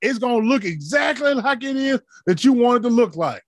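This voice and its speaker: A man delivers a fervent sermon in an unusually high voice, animated and brisk, rising to shouted peaks and sinking into murmured asides. The recording is close and dry, with no echo or room sound.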